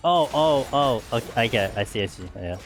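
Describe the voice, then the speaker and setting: Chatty gamer guy talking w friends while he plays, bouncy up and down pitch, laughs lots. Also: expressive, brisk, soft background music. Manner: loose, rambling, laughs often, many "like" fillers. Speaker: game streamer. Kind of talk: casual chat while gaming.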